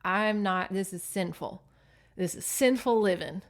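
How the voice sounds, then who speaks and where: A woman's voice: medium pitch, a little slow, lightly acted. A woman voicing a young male tomcat hero, worn out by his journey and brash and defiant. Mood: uneasy.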